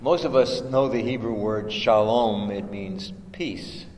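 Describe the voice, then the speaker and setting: Slow, low-voiced male meditation guide, recorded in a reverberant chapel. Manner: slow, gentle guidance with hesitant restarts and chanted syllables. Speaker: meditation teacher. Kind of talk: guiding a contemplative prayer workshop. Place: large chapel with long reverb. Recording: echoey chapel recording, faint hiss.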